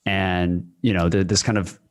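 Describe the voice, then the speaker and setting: A young man of South Korean background hosting an interview, speaking calmly and reflectively. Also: low voice, normal speed. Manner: calm, reflective, short affirmations. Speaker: interview host. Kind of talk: conversational interview.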